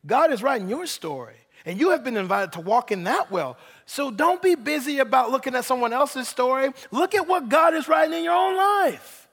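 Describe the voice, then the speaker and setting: Pastor guy preaching animated, high voice, echoey hall. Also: normal speed, slightly rough. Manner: animated preaching, casual asides. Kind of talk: sermon.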